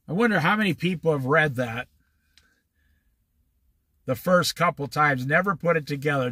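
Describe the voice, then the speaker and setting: High, lively man teaching the Bible. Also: husky, no room sound. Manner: conversational, reads verses then explains them, acts out quotes. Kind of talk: informal Bible study commentary. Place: on the Oregon coast.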